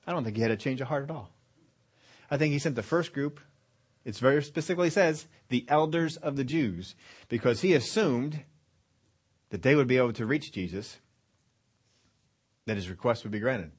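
A man's voice: fairly high pitch, moderate pace, husky. A man preaching a sermon, retelling scripture and voicing what the people in the story might have said. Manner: storytelling preacher, acting out the centurion's words. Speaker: pastor.

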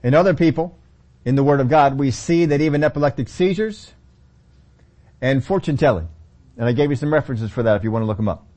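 A man's voice: mid-range voice, animated, fast talker, pauses often, a little mellow. A man teaching a Bible study sermon in a conversational way, often repeating key phrases.

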